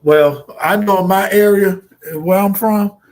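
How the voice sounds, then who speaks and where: A man co-hosting a radio talk show, talking bluntly and profanely in animated, storytelling fashion. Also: sits high, measured pace. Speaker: co-host.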